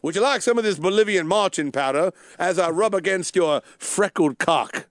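A man's voice: high-pitched, normal speed, no echo, clean studio sound, voice pushed up, lightly acted. A man voicing a flirty Southern woman stripper with a mock-sultry drawl. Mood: teasing.

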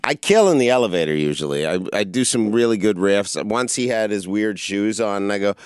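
A man's voice: lowish voice, animated, brisk, smooth, no echo, clean studio sound. A middle-aged man co-hosting a podcast, riffing in crude, profane comic banter. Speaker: podcast co-host.

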